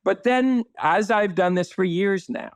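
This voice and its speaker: A man's voice: high-pitched, lively intonation, measured pace, vocal fry, no echo. A man speaking as a city planner guest in a conversational podcast interview, emphatic and blunt, with occasional swearing.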